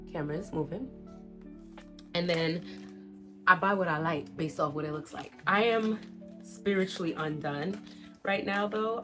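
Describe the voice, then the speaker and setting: A young woman vlogging casually as she unboxes plant mail, gushing and excitable as she talks straight to her viewers. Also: mid-range voice.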